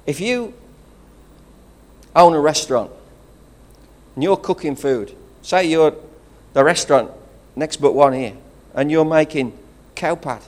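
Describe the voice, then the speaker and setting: Fervent English preacher with a regional accent. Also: male voice, a little high, measured pace. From England. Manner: rousing and conversational, with interjections of praise. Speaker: pastor. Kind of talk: sermon.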